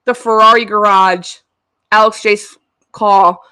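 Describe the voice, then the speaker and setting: A woman co-hosts a casual podcast chat, gushing with excitement and laughing often. She slips into little voices when she quotes people. The sound is dry and close, with no room around it. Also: mid-range voice, takes it slowly, clean tone, dry recording. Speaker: podcast co-host.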